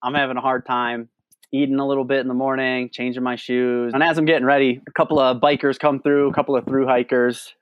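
A man's voice: mid-range voice, little pitch movement, a little fast, clean tone, dry recording, highs cut off. A man, a podcast guest, telling a long trail story in a casual, rambling way, full of "like" and restarts. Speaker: guest, long-distance hiker.

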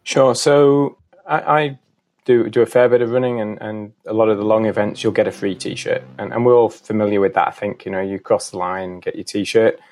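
A man's voice: lowish voice, steady tone, a little fast, a little mellow. A man with a northern English accent, a guest on a podcast, modest and a bit hesitant, repeating words as he talks. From north of England. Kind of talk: casual interview talk.

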